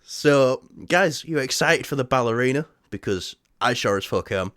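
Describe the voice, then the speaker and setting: A man co-hosting a movie news podcast in casual chat, excitable, swearing freely and laughing often. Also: mid-range voice, moderate pace, no room sound, studio quality.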